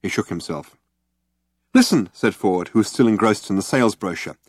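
A man narrating an audiobook with a measured, deadpan delivery. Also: lowish voice, no room sound, studio quality.

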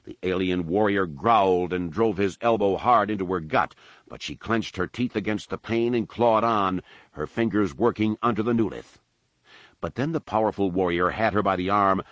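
A deep-voiced man narrating an audiobook in a measured, dramatic way. His voice sits very low, and the recording is dry and close with no room sound. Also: a bit bright, no echo. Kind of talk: scripted narration.

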